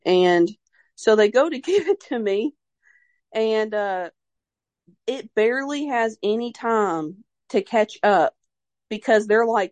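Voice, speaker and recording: A woman's voice: fairly high pitch, animated, takes it slowly, pauses often, darkish tone, no room sound. Young woman, casual rambling talk, lots of fillers, heartfelt and devout, dry recording. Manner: rambling, heavy use of "like" and fillers; openly emotional and religious in tone. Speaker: mother sharing her birth story. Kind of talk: casual personal testimony.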